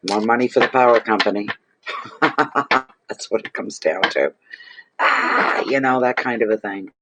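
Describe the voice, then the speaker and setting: A man's voice: medium pitch, a little slow, noisy background. A man giving a casual tarot reading to camera, gushing and exclaiming over the cards he draws. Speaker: tarot reader.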